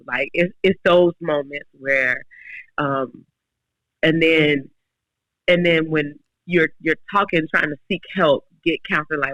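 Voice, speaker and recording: A woman's voice: deep voice, unhurried, fairly bright tone, no echo, low-quality recording. A woman in her forties, a podcast guest, telling her faith story earnestly with many restarts. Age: 40s. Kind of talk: casual faith talk.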